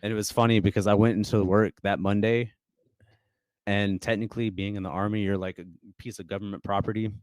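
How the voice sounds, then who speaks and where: A young man with a low, smooth, resonant voice, recorded close and dry. He tells stories as a podcast guest in loose, casual talk, heavy on fillers and false starts and often laughing. The delivery is conversational and never polished. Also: level tone, brisk, darkish tone, dry recording. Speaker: guest musician.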